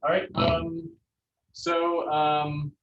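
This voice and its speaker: A man's voice: a little high, drawn-out words. Man teaching Spanish in an echoey classroom. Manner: relaxed, jokey, many fillers. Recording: roomy, distant, muffled classroom sound.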